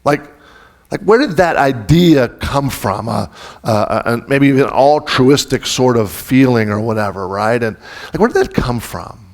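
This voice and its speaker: A man's voice: medium pitch, animated, moderate pace. A man preaching a conversational sermon as pastor. He talks informally, restarts sentences often and keeps asking the congregation questions.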